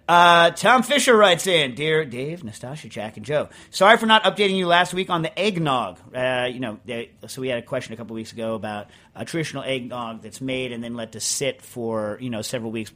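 A man's voice: mid-range voice, expressive, fairly quick, bright, forceful tone. A man hosting a podcast in casual chat, rambling and emphatic, full of restarts as he answers listener mail. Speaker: podcast host.

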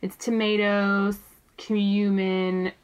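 A woman's voice: medium pitch, little pitch movement, extremely slow, clear, resonant tone, poor audio. A woman co-hosting a podcast, chatting casually and rambling with fillers and laughs. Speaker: podcast co-host. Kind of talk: casual chat.

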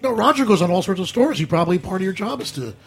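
A man's voice: high voice, expressive, rapid-fire, husky. A man co-hosting a studio chat show, joking and bantering with his guests. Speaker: radio show co-host.

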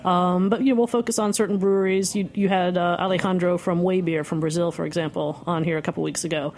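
A woman guest in a radio studio, talking casually with many pauses and restarts. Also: lowish voice, fairly even intonation, darkish tone. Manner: hesitant, lots of ums and restarts. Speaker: beer importer guest.

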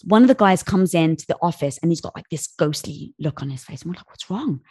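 A woman guest on an interview, telling a business anecdote in a lively way and acting out the voices of the people in it. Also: deep voice, fast talker. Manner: animated, acts out voices in anecdotes. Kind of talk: casual storytelling.

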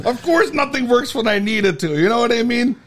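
A man's voice: extremely high pitch, expressive, fairly quick, a crowd in the background. A man hosting a casual podcast, talking loosely, laughing easily and swearing. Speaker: podcast host.

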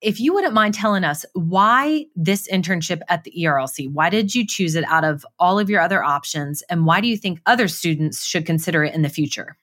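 A woman's voice: on the low side, animated, a little fast, few pauses, fairly bright tone. A woman hosting a casual podcast interview in an upbeat, teasing way. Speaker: podcast host.

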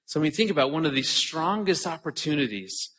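A man's voice: fairly high pitch, sing-song, brisk, fairly bright tone. A man in his forties giving an earnest conference talk, telling a personal story and often repeating words as he starts a sentence. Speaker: conference speaker.

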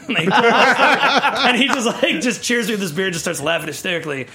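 A man's voice: high voice, quick pace, hardly any pauses. A man in his thirties telling stories in a casual studio podcast chat, acting out what others said and laughing often. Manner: animated storyteller acting out quotes, laughing often. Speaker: tequila brand ambassador.

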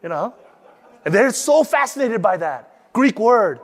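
A man teaching how to deliver a sermon, lively and acting out the voices he quotes. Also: high-pitched, measured pace, big-room sound. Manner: animated, acts out quoted voices. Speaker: preaching instructor.

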